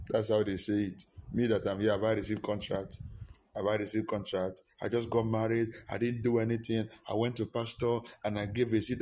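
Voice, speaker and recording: A male pastor, preaching a sermon with impassioned repetition and sudden high-pitched emphasis. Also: little pitch movement, brisk, a little mellow, slight background noise.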